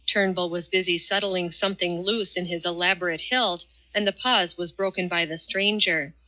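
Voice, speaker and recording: A woman narrating an audiobook in a measured, even reading. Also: on the low side, highs cut off. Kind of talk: scripted narration.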